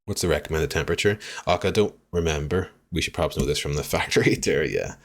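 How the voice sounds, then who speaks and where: Very deep-voiced man streaming. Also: fast. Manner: chatty, swears freely, reacts loudly to the game and chat. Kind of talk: live gameplay commentary.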